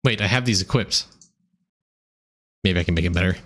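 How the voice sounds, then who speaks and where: A young American man streaming a game, rambling and thinking aloud in a halting way. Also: low voice, a bit bright. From United States. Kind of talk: casual gameplay commentary.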